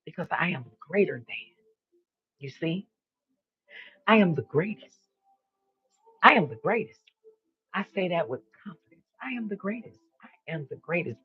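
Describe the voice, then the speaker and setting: A man's voice: fairly high pitch, lo-fi sound. A man hosting a live stream, giving an emphatic spiritual monologue and repeating his declarations, with casual swearing.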